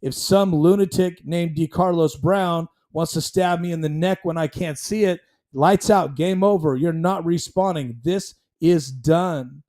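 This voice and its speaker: A man hosts his own commentary show, talking at a desk mic in a blunt, heated way. His voice sits a little high yet sounds dark and mellow. He rambles, restarts sentences and fills gaps with ums. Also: unhurried. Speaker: show host. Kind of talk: casual commentary stream.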